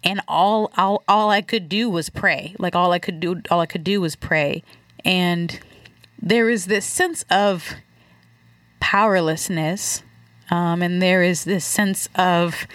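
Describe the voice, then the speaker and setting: A woman giving a reflective faith testimony, searching for words with many halting restarts. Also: medium pitch, fairly even intonation, fairly bright tone, no echo. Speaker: guest.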